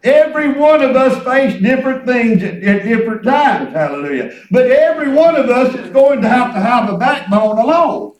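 High preacher guy, sermon, echoey church, mic kinda far off. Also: expressive, moderate pace, few pauses. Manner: emphatic preaching with hallelujahs, drops to a low aside. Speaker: pastor. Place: church sanctuary.

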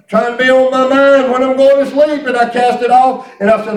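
A man preaching a storytelling sermon, animated and exclamatory, often breaking into laughter. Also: very high-pitched, moderate pace, few pauses. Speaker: pastor. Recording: roomy hall, mic at a distance.

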